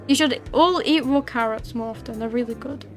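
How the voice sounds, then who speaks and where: A woman's voice: on the high side, a little fast, faint music behind. A young woman hosting a livestream, chatting casually with her viewers in a rambling way full of fillers and restarts. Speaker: livestream host. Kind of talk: casual chat with viewers while streaming.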